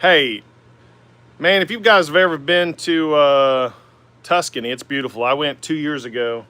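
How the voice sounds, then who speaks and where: Talking slowly? No, at a moderate pace, this woodturning host in his forties speaks in a fairly high, sharp-toned voice on a dry recording. He's by the lathe in his home woodworking shop, rambling casually through viewer comments on his livestream with an Oklahoma accent and plenty of "man" and "uh."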